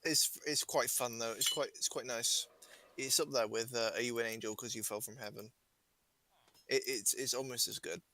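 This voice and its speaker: Young male gamer, mid-pitched voice, joking and rambling casual chat, faint background hiss. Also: steady tone, normal speed, sharp tone. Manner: joking, self-deprecating, trails off and restarts.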